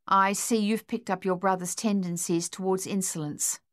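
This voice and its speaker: A woman voicing a worried mother who pleads with her son in a hushed voice. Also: medium pitch, steady tone, normal speed, no echo, clean studio sound, natural voice. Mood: pleading.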